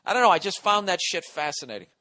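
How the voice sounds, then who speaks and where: A man's voice: high-pitched, big pitch swings, fast, pushed and bright. A man in his forties hosting a podcast, rambling through a profane comedic monologue while on cold medicine and reading listener letters aloud. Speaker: podcast host.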